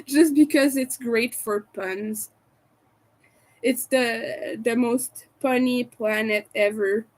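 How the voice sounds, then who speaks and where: Woman livestreamer, casual chat with viewers, slow and rambling, higher voice, laughs a lot. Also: poor audio. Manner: giggly, laughs often and hard; rambling, restarts and fillers. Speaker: crochet livestreamer.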